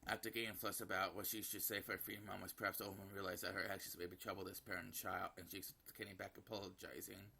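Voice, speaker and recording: A man narrating a visual novel aloud as he plays. His voice is deep and gravelly with a bright edge, and it stays flat. He stumbles now and then and corrects himself. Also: quick pace, hardly any pauses, a little hiss or hum. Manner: reading with slips and self-corrections. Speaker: gameplay narrator.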